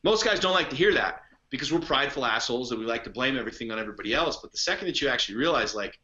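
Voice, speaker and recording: A man's voice: medium pitch, animated, rapid-fire, bright, forceful tone, muffled recording. A man talking as a podcast guest and coach in casual conversation, blunt, emphatic and heavy on profanity.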